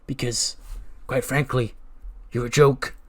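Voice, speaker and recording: A man voicing a menacing, threatening male wrestler, loud and taunting in a game story. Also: mid-range voice, fairly even intonation, slow pace.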